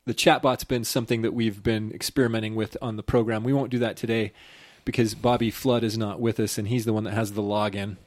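A man hosting a podcast, chatting casually, opinionated and quick to laugh. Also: on the low side, flat delivery, dry recording, studio quality. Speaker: podcast host. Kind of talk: casual chat.

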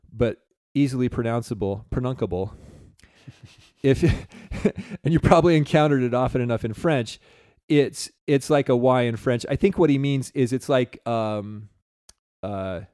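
A man's voice: mid-range voice, mellow, no echo, studio quality. A man co-hosting a podcast in casual chat, rambling and reading listener comments aloud. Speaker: podcast co-host.

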